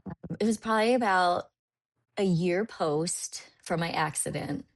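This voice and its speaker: A woman's voice: fairly low pitch, unhurried. A young woman in her twenties telling a personal story as a guest on a podcast interview, acting out her past thoughts as she goes.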